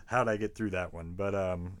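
A man's voice: sits low, steady tone, normal speed. A man from the United States hosting a casual chat, ranting bluntly and swearing freely. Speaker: podcast host.

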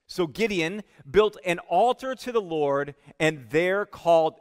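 A man with a high voice preaching in a church sanctuary, slow and emphatic, sinking to a hush on his key words. His words linger in a long hall reverb. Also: animated. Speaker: pastor. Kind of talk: sermon.

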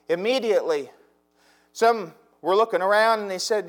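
A man preaching a sermon from the pulpit, his voice sitting high for a man. He draws out key phrases and lets his intensity swell as he presses his points. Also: moderate pace. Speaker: pastor.

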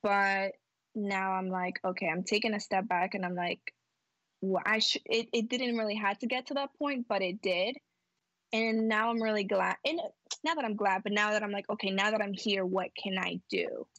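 A woman guest on a podcast, her voice sitting in a dry, close recording with almost no room sound. She tells her story in a loose, rambling way, thinking aloud and quoting what went through her head. Her pitch sits in the middle range. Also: normal speed, fairly bright tone, dry recording. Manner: rambling and reflective, often quoting her own thoughts. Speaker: entrepreneur guest. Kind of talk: casual podcast interview.

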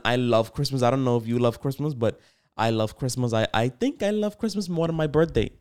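A man's voice: medium pitch, a little mellow, clean tone. A young man hosting his own podcast, talking to listeners in an upbeat, chatty and rambling way. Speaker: podcast host. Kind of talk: casual solo podcast chat.

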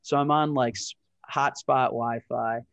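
A man in his twenties, a podcast guest, telling stories in a casual interview with lively acted-out quotes and frequent swearing. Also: medium pitch, a little slow, creaky, no room sound. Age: 20s. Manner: animated, profane, storytelling with acted-out quotes. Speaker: podcast guest, startup founder.

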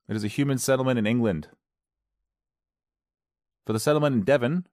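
A man's voice: medium pitch, normal speed, pauses often, darkish tone, no room sound, studio quality. A man hosting a solo comedy show, riffing sarcastically and playfully in a rambling monologue.

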